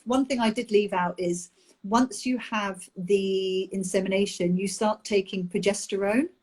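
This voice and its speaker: A young adult woman, a nanny, talking candidly about a personal experience with many pauses and restarts over a video call. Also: mid-range voice, fairly even intonation, darkish tone, breathy edge. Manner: open, halting, with many ums and restarts. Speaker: nanny sharing her IVF experience.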